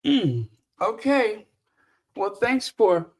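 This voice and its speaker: A woman commentator talks slowly and mockingly, with fillers and pauses. Her pitch swings widely as she reacts to the clips she plays. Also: animated. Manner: sarcastic, mocking, unhurried with fillers. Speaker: royal commentary channel host. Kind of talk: casual commentary over clips.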